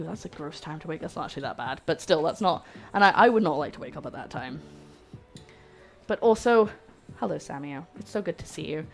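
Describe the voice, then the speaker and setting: A woman with a British accent hosting a live cooking stream, chatting casually and poking fun at herself while she cooks. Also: fairly low pitch. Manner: chatty, self-mocking, talks to chat while cooking. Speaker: cooking livestream host.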